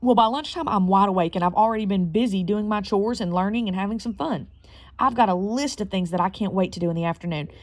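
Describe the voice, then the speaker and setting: A woman reads a children's novel aloud in a medium-pitched voice. Her storytelling is expressive, and she sometimes stumbles and corrects herself as she goes. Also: fast talker, dry recording. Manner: expressive storytelling, slight slips and self-corrections. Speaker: reader.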